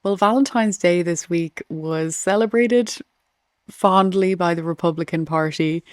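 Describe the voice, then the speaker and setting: A woman's voice: fairly low pitch, a little slow, no echo, studio quality. A woman hosting a casual political commentary show, reading memes aloud in a chatty, wry way. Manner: chatty and wry, with small laughs.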